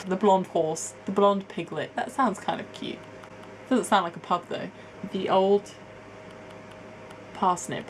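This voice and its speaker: A woman's voice: fairly low pitch, unhurried, a little hiss or hum, poor audio. A young woman from England chatting to camera as a vlogger, rambling and laughing at herself. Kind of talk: casual chat to camera, answering a tag.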